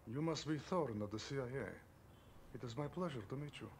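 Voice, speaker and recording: A man's voice: medium pitch, brisk, slight background noise, natural voice. An actor with a put-on Russian accent playing a formal male Russian intelligence officer in a spy video game, rolling his R's. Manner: stiff, formal, rolls every R.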